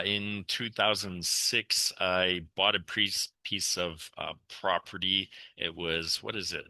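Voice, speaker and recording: A middle-aged man telling enthusiastic stories as a real estate investor guest on a podcast interview. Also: dry recording. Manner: enthusiastic, animated storyteller with laughs and pitch jumps.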